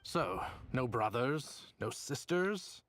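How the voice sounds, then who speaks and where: A condescending academic official in a video game, speaking slowly with a posh, skeptical drawl. His mid-range voice stays cool and judgmental. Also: medium pitch, very animated, a bit bright. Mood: questioning. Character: haughty male academic official. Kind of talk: game voice acting.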